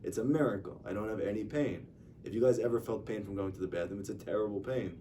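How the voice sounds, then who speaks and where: Low-voiced rabbi giving a casual lecture. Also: male voice, quick pace, mellow. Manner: conversational, tells stories and acts out dialogue. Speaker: rabbi teaching a class. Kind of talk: informal religious lecture. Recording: distant mic with faint noise.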